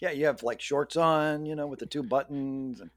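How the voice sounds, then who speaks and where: A man's voice: mid-range voice, moderate pace, no room sound. A man co-hosting a casual chat, easygoing, asking playful questions and laughing often. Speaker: podcast co-host.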